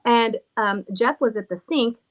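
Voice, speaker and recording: A woman's voice: on the high side, a little slow. Rambling, laughing woman telling stories. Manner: rambling, laughing, cussing freely. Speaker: haunted villa owner. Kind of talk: casual storytelling chat.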